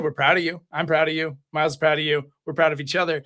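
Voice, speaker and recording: A man's voice: fairly high pitch, level tone, fast, pushed and bright. Earnest encouraging male co-host. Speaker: co-founder and co-host. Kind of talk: live-stream political talk show.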